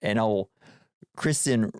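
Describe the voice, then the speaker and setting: A man's voice: lowish voice, slow, a little mellow, clear, resonant tone, no room sound, studio quality. A man from Tennessee hosting a casual movie podcast, chatty and jokey, laughing often. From Tennessee, USA. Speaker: podcast host.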